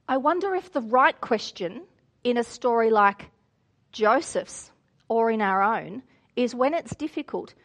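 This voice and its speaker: A woman preaches a sermon, retelling a story in an earnest, reflective manner. Her voice sits a little high. She pauses to draw out meaning for her listeners. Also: animated.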